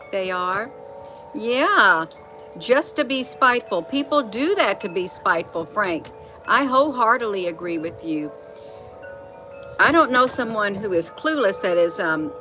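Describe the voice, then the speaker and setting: A woman talking casually at home in an opinion vlog, emphatic and repeating phrases to drive her point home. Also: medium pitch. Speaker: vlogger. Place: at home, indoors.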